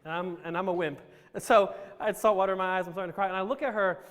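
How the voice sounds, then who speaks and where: A man's voice: high voice, rapid-fire, fairly bright tone. A man from Romania telling his life story to a live audience with self-deprecating jokes and rambling restarts. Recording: reverberant hall.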